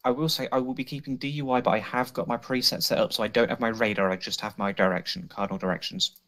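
A man's voice: medium pitch, steady tone, quick pace, a bit bright. A man in casual chat with his gaming group, blunt and teasing and happy to swear. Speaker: game player.

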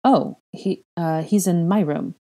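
A flustered young witch who talks in an awkward, apologetic way, as a woman reads her. Her voice is mellow and sits a bit above the narration. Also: lowish voice, measured pace, close to an everyday voice.

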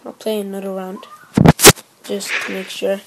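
A young woman giving casual gameplay commentary as host of her gaming channel, rambling and repeating herself, with sudden excited shouts. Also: mid-range voice, moderate pace, creaky, heavy background noise.

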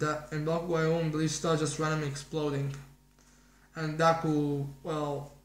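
Man, casual manga review, rambling, high voice, roomy echo. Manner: rambling, thinking aloud.

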